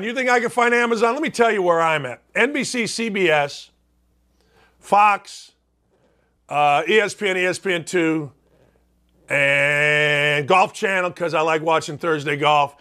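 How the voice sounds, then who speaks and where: A middle-aged male sports talk host riffs in a loud, animated, self-deprecating rant. His voice sits high and sounds bright and forceful. He keeps breaking into shouted re-enactments of his own frustration. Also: measured pace. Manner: animated, self-mocking, loud ranting with acted-out quotes. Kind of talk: casual sports talk monologue.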